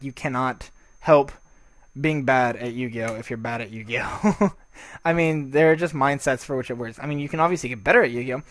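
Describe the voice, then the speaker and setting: A man's voice: mid-range voice, fairly bright tone, no echo. A man giving casual, rambling gameplay commentary, swearing freely and restarting his sentences often.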